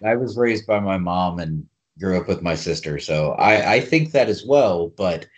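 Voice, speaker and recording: A man's voice: deep voice, expressive, normal speed, muffled recording. A man co-hosting a podcast in crude casual chat, mostly short wry replies and teasing. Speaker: podcast co-host.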